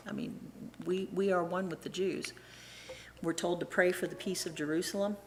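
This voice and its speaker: A middle-aged woman giving a casual, animated church talk, acting out the voices of people she quotes and often restarting her sentences. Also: fairly low pitch, normal speed. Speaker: church presenter and Sunday school teacher.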